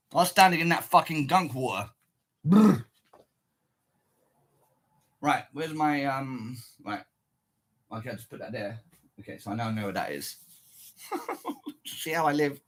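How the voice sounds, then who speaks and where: A man chatting casually with viewers on a livestream, rambling and swearing as he potters about. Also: a little high. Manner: rambling and profane, mutters to himself.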